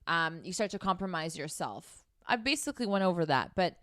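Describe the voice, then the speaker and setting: A woman's voice: lowish voice, sing-song, brisk, a bit bright, no echo, clean studio sound. A woman giving dating advice in a blunt, scolding, casual monologue full of swearing. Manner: casual, conversational. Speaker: dating coach.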